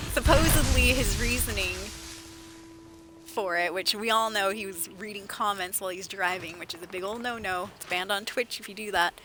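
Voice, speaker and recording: A woman streamer chatting casually while playing a game, animated storyteller who laughs often. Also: mid-range voice. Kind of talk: casual gameplay livestream chat. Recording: game music behind voice. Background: game music.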